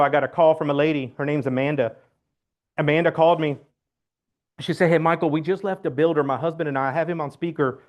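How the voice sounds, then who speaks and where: A man giving a loud, blunt, joking talk to his real estate team, acting out phone calls as he goes. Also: on the high side. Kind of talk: motivational team meeting talk. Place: meeting room.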